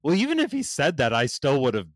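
Man, 30s, animated storytelling, heavy swearing, dead dry recording. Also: a little high, fast, no echo. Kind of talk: casual chat.

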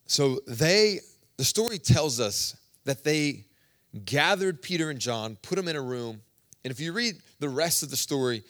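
A man preaching a sermon in a conversational, storytelling way, swinging between loud bursts and hushed asides. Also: mid-range voice.

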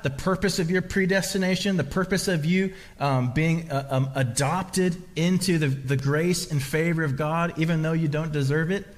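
A man preaching a sermon as pastor, emphatic and repetitive, often restarting his phrases. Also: on the high side. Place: church hall. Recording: long reverb of a large hall.

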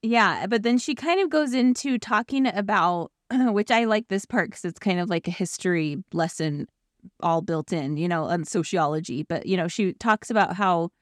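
A woman's voice: lowish voice, normal speed, dry recording, studio quality. Giggly woman chatting about a book. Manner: laughs often, animated quoted asides. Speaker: podcast co-host. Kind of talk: casual book discussion chat.

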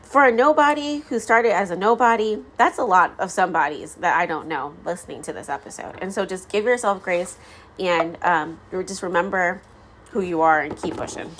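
A woman's voice: fairly low pitch, normal speed, fairly bright tone, a little hiss or hum. A woman in her thirties hosting her own podcast, talking candidly with lots of fillers, tired and close to tears. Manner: candid, rambling, many fillers like "you know" and "like". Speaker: podcast host. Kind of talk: candid solo podcast talk.

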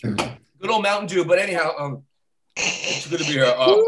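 A man's voice: a little high, lively intonation, moderate pace. A male stand-up comedian doing a crude, rambling set that repeats itself. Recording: loud live audience laughter.

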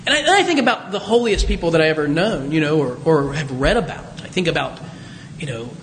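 A man's voice: a little high, lively intonation, fast talker, fairly bright tone. A man preaching a sermon in a church sanctuary, talking conversationally with a self-deprecating touch and plenty of restarts. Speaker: pastor. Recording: long church reverb, faint noise.

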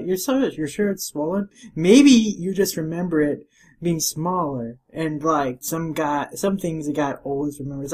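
A woman's voice: low voice, darkish tone. A woman co-hosting a podcast, giving dry, giggly commentary on manga chapters. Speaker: podcast co-host. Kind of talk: casual manga recap chat.

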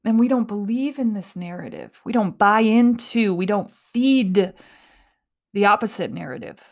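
A playful woman hosting an informal motivational talk often lapses into breathy whispers and laughs easily at herself. Her voice sits in the mid range.

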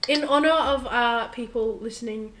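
A woman's voice: on the high side, moderate pace, a bit bright. A young woman from Australia co-hosting a casual podcast, giggly and scattered, often breaking off mid-sentence. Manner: giggly, scattered, self-interrupting. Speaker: podcast co-host. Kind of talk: casual chat.

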